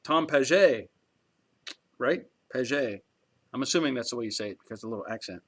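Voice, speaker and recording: A man's voice: mid-range voice, animated, rapid-fire, fairly bright tone, slightly rough. Man, middle-aged, talkative, rambling, chuckling, casual live-stream chat, garage host.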